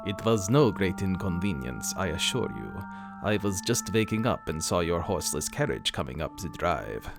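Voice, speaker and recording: A man's voice: low-pitched, very animated, moderate pace, gravelly, music in the background, full character voice. A man voicing a suave, commanding ancient male vampire count with a thick Eastern European accent. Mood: courtly. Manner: courtly, grinning, commanding.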